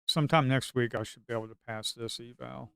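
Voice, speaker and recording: Man, excitable trading commentary, rambling and slangy, smooth voice, dry close sound. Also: medium pitch, brisk, dry recording. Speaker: futures trader and video host. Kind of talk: casual screen-share trading commentary.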